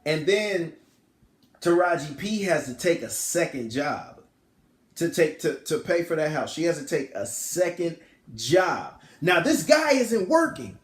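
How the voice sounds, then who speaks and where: A man's voice: a little high, big pitch swings, a little slow, roomy sound. A man casually retelling a film's plot in a rambling, slangy way, often correcting himself. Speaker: film reviewer.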